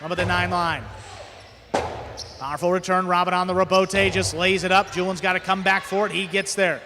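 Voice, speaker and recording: A man announcing live sports play-by-play in brisk, clipped calls of each play. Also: high voice, level tone, noisy background.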